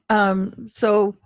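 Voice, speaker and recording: A tired, grieving woman hosting a casual livestream chat, talking slowly with frequent pauses and ums. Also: mid-range voice. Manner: slow, meandering, with frequent ums. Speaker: livestream host.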